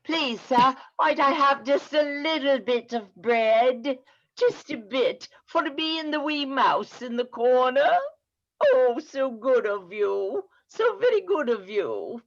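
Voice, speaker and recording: A woman's voice: high voice, lively intonation, takes it slowly, exaggerated voice. A woman voicing a meek young street beggar, pleading humbly. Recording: muffled video-call audio.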